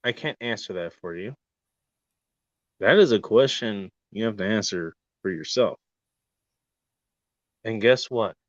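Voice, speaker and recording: A man hosting a show in a profane mock-serious rant, firing rhetorical questions and dropping from loud outbursts to near-murmurs. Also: on the low side, expressive, unhurried, long pauses, dry recording. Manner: heavy swearing, rhetorical questions. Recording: dull lo-fi dry recording.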